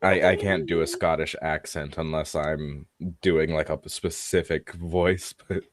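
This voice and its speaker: Brief: young man, very low voice, unhurried, dry close sound, halting and casual. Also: steady tone, no echo. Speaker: tabletop game player. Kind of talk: casual gaming chat.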